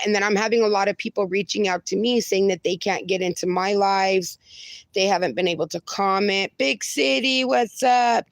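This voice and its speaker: A woman hosting a casual livestream from home, reading out viewer comments and greeting each person warmly with pet names like darling. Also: medium pitch, gravelly, dry recording. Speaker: livestream host. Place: home with dogs.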